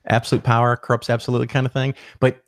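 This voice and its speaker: A man telling a story as a podcast guest, animated and profane, acting out the people he quotes. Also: mid-range voice, brisk, dry recording, studio quality. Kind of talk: casual storytelling interview.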